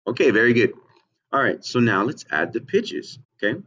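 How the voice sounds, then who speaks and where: A man gives an online music lesson for children, patient and slow, often asking "okay?" and slipping into a high falsetto when he sings. He's very animated, with a fairly bright tone, though the recording's highs are cut off.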